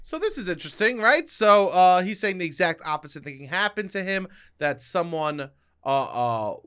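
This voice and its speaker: A young man with a New York accent, co-hosting a podcast in loud, joking banter and reading ads. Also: high voice, sing-song, normal speed, clear, resonant tone. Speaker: podcast co-host. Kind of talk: casual podcast banter and ad read.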